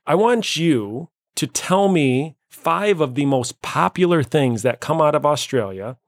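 A man's voice: fairly high pitch, lively intonation, measured pace, dry recording. A man hosting a casual talk show, playfully quizzing and teasing his co-hosts. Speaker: host. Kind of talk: casual chat.

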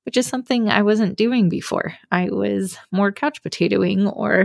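Woman podcast host, young adult, confessional solo talk, gravelly voice, dry close mic. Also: mid-range voice, moderate pace, no room sound. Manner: candid, confessional, many fillers.

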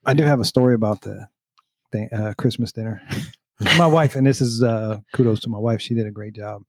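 A man's voice: lowish voice, a little mellow, no room sound. A man co-hosting a casual faith podcast, telling a story about himself with a self-deprecating laugh. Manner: self-deprecating, laughs often, quick backchannels. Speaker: podcast co-host.

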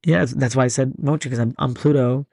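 A young man hosting a casual podcast chat, talking fast and jokily. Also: medium pitch, creaky, breathy edge, no room sound, clean studio sound. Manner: fast-talking, animated, jokey. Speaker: podcast host.

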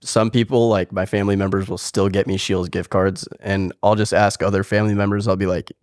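Young man, low voice, relaxed, chatty podcast guest, dry room. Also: fairly quick, no room sound. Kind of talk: casual podcast chat.

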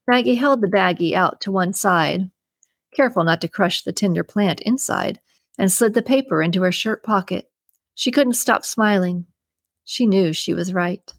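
A woman's voice: mid-range voice, normal speed, vocal fry, husky, no echo. Woman narrating a story, dry close sound. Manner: steady storytelling. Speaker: audiobook narrator. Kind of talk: scripted narration.

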